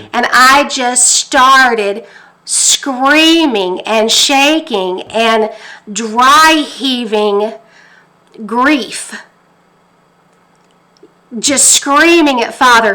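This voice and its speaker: Fervent woman with a bright voice. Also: fairly high pitch. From Texas. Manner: fervent, emotional storytelling, quoting her own prayers. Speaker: faith teacher. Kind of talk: personal testimony. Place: kitchen table at home.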